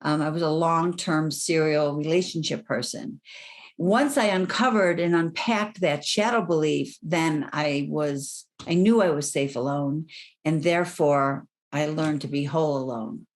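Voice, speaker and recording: A woman's voice: low-pitched, steady tone, measured pace. Middle-aged woman, life coach, candid reflective interview talk.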